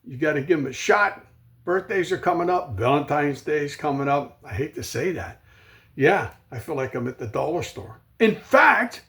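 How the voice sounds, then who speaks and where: A man's voice: on the high side, expressive, normal speed, fairly bright tone. A man hosting his own comedy show, telling jokey, rambling stories in a monologue. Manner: jokey, rambling storytelling with whoops and laughs. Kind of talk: comic monologue.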